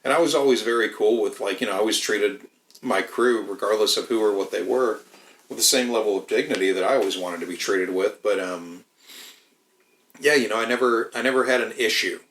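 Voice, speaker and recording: A man's voice: fairly low pitch, brisk, fairly bright tone, echoey room, low-quality recording. A man in casual podcast chat, rambling with lots of swearing and restarts. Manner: rambling, profane, many restarts.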